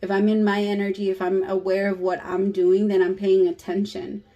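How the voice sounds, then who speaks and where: A woman's voice: medium pitch, flat delivery, normal speed, dark tone, low-quality recording. A woman doing a casual tarot reading for her viewers, talking straight to them in a candid way and swearing freely. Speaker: tarot reader.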